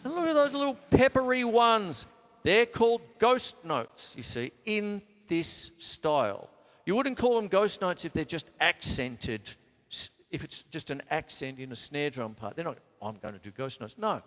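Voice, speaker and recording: An Australian-accented drum teacher runs a live online lesson, casually counting beats aloud as he plays. His voice is a little high, expressive and a little slow. The room is reverberant and the drums are loud.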